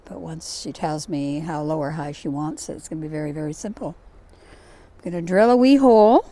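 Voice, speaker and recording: A woman's voice: deep voice, fairly quick, dark tone. An older woman with a Scottish accent chatting casually while working outdoors in a garden, rambling a little and poking fun at herself. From Scotland. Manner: chatty, rambling, self-deprecating. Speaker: gardening vlogger.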